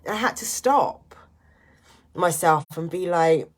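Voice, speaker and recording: A middle-aged woman speaks straight to her viewers in a low voice. She is earnest and reflective, mixing personal confession with motivational advice in an unscripted vlog. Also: expressive, slow pace. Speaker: vlogger and single parent. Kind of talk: candid personal vlog monologue.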